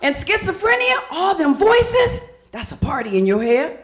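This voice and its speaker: A woman's voice: very high voice, sing-song, normal speed. A woman from Indiana doing a stand-up comedy set, chatty and quizzing the crowd with questions. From Indiana, USA.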